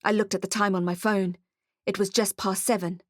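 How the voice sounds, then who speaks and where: A woman reads a first-person fantasy detective story, her tone wry and hardboiled. Her voice sits at a middle pitch, recorded close and dry with no room sound. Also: little pitch movement, a little fast, no room sound. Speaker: audiobook narrator. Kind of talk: first-person audiobook narration.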